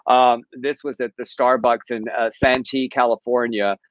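A man's voice: mid-range voice, flat delivery, moderate pace, fairly bright tone, slight background noise. A man co-hosting a casual news chat show, retelling stories in a gossipy way and laughing as he goes. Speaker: podcast co-host. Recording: dull lo-fi sound.

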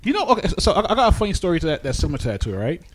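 Lively young man, animated storyteller. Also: on the high side, rapid-fire, a little hiss or hum. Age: 20s. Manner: animated storyteller, swears freely, laughs often. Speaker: podcast co-host. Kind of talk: casual chat.

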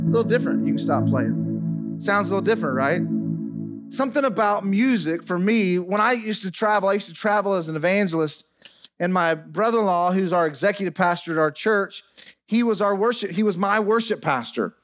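High-voiced preaching pastor. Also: male voice. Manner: preaching with pauses, dropping soft and low over piano. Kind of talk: sermon. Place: church sanctuary. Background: faint piano playing.

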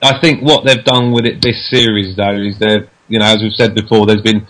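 Male podcast co-host, chatty and digressive, jumps up in pitch when excited. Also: fairly quick, rough recording. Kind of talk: casual chat.

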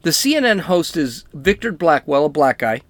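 Combative man with a lively, swinging voice. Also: fairly high pitch, normal speed, no echo. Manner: blunt, combative and sarcastic. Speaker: political talk show host. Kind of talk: opinionated political commentary.

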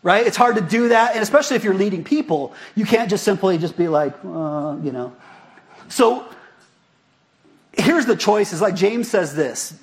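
A pastor with a high, slightly rough voice preaches to his congregation at a normal speed. His sermon is lively and conversational, filled with rhetorical questions.

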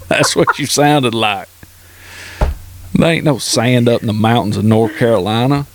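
A man teasing a friend in casual chat on a video call, playful and quick to laugh. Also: mid-range voice, a little hiss or hum.

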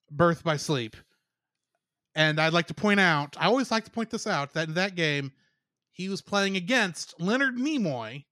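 High, animated, bright-voiced male podcaster. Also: dry recording, studio quality. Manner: chatty, giggles often, reads cast lists. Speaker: podcast co-host. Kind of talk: casual podcast review chat.

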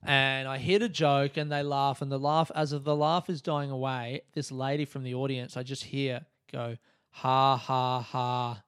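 A man in his thirties, a comedian hosting his own podcast, telling stories in a sweary, ranting, animated way. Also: medium pitch, normal speed, few pauses, smooth, no echo, studio quality. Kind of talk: casual solo podcast storytelling.

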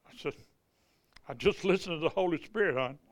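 A man's voice: on the high side, expressive, brisk, dry recording. A man telling healing testimonies from the pulpit, folksy and conversational. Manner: folksy, conversational, repeats and restarts. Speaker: revival preacher. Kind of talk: testimony storytelling sermon.

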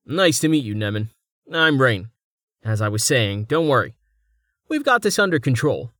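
A man plays a self-assured young captain in a fantasy audiobook. He talks briskly in a plain middle-pitched voice. The recording is dry and close. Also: very animated, a bit bright, dry recording.

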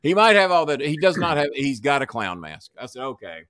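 A man's voice: medium pitch, very animated, brisk, over a noisy crowd. A man telling a long story as a podcast guest, swearing freely and acting out each person's lines. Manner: profane, acts out dialogue in voices. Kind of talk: animated storytelling.

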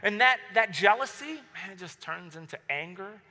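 Bright, lively man preaching in a hall. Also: high voice, moderate pace. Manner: animated storytelling, acting out his own outbursts. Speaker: pastor. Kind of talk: sermon. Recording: long hall reverb.

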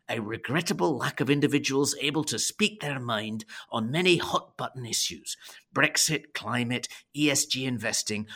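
A man putting on a Scottish accent as a business coach reading a salesy advert. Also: sharp tone. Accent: Scottish, put on. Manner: salesy, earnest pitch.

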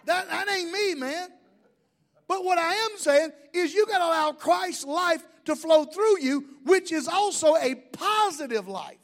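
A man's voice: very high-pitched, animated, measured pace. A middle-aged man preaching a sermon as pastor, folksy and joking, asking the crowd questions.

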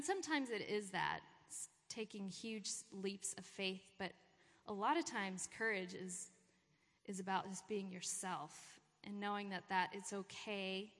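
A woman giving an informal, encouraging sermon talk at a church gathering. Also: medium pitch. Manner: encouraging, warm pep talk with laughter. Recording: long hall reverb.

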